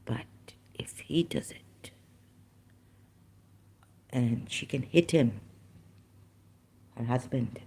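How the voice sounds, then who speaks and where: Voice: mid-range voice, very slow, long pauses, mellow, breathy edge, whispered. Agitated, rambling vlogger. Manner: agitated, rambling, with apologetic asides. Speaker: YouTube channel host. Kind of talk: ranting monologue to commenters.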